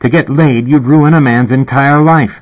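A man reading an audiobook, voicing a shocked young woman friend who exclaims in disbelief, with a husky, raised voice on a tinny recording. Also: mid-range voice, moderate pace, voice pushed up, close to an everyday voice. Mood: indignant. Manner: incredulous, exclaiming.

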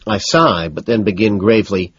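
Husky low-voiced male narrator. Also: normal speed, no room sound, muffled recording. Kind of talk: first-person audiobook narration.

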